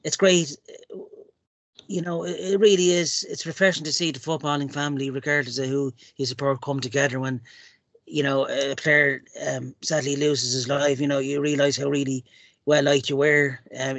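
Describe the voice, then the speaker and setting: A man's voice: medium pitch, flat delivery, moderate pace, a bit bright, no room sound. A man hosting a casual chat, affable, thanking co-hosts and passing the conversation on. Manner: affable, hands over to guests. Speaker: podcast host.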